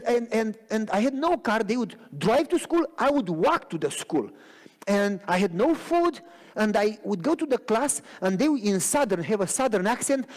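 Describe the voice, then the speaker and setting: Animated preaching man in a reverberant church. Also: high-pitched. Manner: animated preaching with frequent rhetorical questions. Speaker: pastor. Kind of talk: sermon. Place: church sanctuary.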